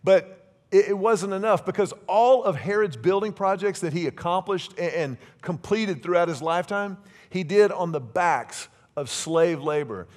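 A middle-aged man preaching a sermon to a congregation, animated and joking, drawing them in with questions. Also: on the high side. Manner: animated, joking, asks the congregation to call out answers. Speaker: pastor.

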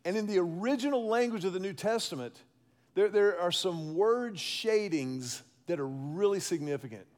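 A male pastor preaching a sermon in an emphatic, animated way, calling on the congregation to respond. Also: high-pitched, normal speed.

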